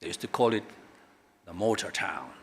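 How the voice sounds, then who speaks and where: A middle-aged man from Kenya, a government guest speaker at a corporate launch, speaks emphatically and swings sharply between loud and quiet. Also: fairly low pitch, lively intonation, normal speed, breathy edge. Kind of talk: public speech at a corporate launch.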